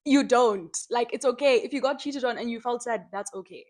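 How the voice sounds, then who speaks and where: A young Zimbabwean woman vlogging her frank opinions, animated and slangy, now and then slipping into Shona at home. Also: a little high, fairly quick. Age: young adult. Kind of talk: candid opinion vlog. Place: home, by a window.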